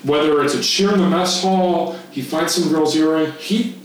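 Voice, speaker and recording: A man in his fifties from Texas, a podcast guest telling a camp story in animated casual chat, laughing and swearing freely. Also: on the high side, normal speed. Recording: echoey room, distant mic, faint noise.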